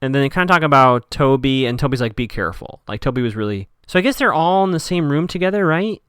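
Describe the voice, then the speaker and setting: A man's voice: on the high side, animated, quick pace, a bit bright, clear, resonant tone, no echo, studio quality. A man hosting a podcast, chattily recapping a TV episode and quoting characters in playful voices. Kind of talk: casual recap chat.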